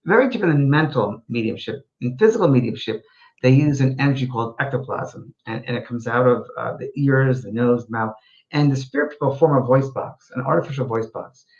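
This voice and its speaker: A man hosting a livestream talk show, telling stories in an animated way with frequent restarts. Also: mid-range voice, fairly quick, muffled recording. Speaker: host. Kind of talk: casual chat on a livestream show.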